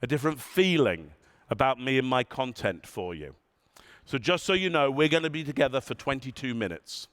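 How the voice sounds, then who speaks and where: A man giving a conference keynote in a large hall, animated and asking the audience questions, sometimes dropping his voice low and soft to show a point. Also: normal speed. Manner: demonstrates tones, drops voice low and soft. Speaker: keynote speaker.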